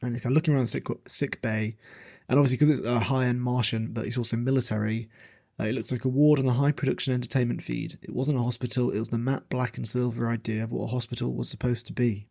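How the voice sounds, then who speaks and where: A man's voice: mid-range voice, fairly even intonation, fast talker, creaky. A man casually recapping a novel chapter for a podcast, rambling with many fillers and laughing often. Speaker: podcast host.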